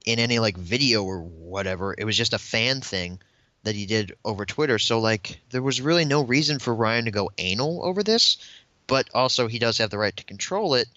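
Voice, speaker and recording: A man's voice: on the low side, expressive, fairly quick, pushed and bright, dry recording. A young man guesting on a casual podcast, giving opinionated rants. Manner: opinionated, ranting. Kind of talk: casual chat. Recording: dull, lo-fi dry sound.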